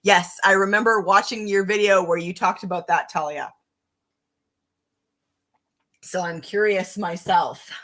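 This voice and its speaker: A woman's voice: mid-range voice, steady tone, unhurried, pauses often, fairly bright tone. A woman hosting a casual live-stream book chat, upbeat and chatty, reading out viewer comments. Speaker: book channel host.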